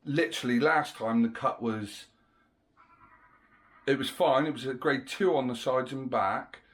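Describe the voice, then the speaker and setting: A man's voice: medium pitch, unhurried. A man, a parent, explaining his plan in a casual family vlog, chatty and persuasive. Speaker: parent vlogger.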